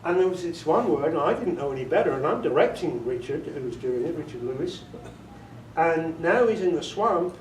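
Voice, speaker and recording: A man's voice: on the high side, lively intonation, normal speed. A British man giving an informal workshop talk as an audiobook director, chatty and joking with the small audience he quizzes. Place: meeting room with a small audience. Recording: echoey room, voice far from the mic, faint noise.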